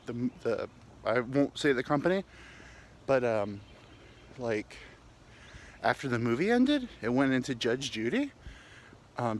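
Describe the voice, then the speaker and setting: Podcast host, male, candid and crude, talking while he walks uphill, a little winded, faint noise outside. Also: medium pitch. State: slightly winded, walking uphill. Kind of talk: rambling comic monologue. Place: outdoors, walking.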